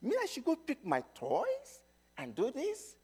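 A man's voice: very high voice, wildly swooping pitch, measured pace, a little mellow, breathy edge, voice pushed up, full character voice. A preacher voicing a small bewildered girl who pleads and questions her parents. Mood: indignant.

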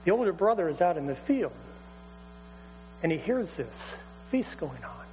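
A preacher with a high voice tells a scripture story in a relaxed, lively way. His words echo through a church hall, with a faint electrical hum in the background. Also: moderate pace. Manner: conversational, animated retelling. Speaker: pastor. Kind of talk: sermon storytelling.

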